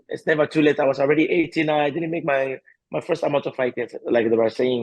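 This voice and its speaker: Here the interview guest is an MMA fighter whose husky, medium-pitched voice stumbles through non-native grammar, with frequent fillers and fresh starts. His casual answers come alive with bursts of emotion and laughter as he tells stories. Sound is dry, close-miked and of poor quality, with no room presence.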